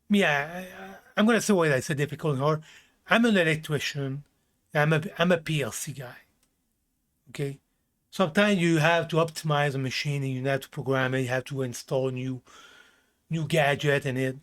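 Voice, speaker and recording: A man with a slightly high voice delivers blunt self-help talk, straight to the viewer. He swears freely and hammers his points by repeating them. His grammar slips here and there as he speaks. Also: fairly quick, fairly bright tone. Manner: blunt, emphatic, swears often, repeats phrases. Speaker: vlogger giving life advice. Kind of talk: casual self-help rant.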